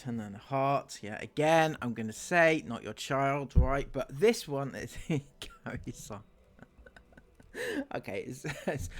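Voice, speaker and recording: A man's voice: mid-range voice, expressive, takes it slowly. A man doing sarcastic commentary on online comments, laughing often. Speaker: commentary YouTuber.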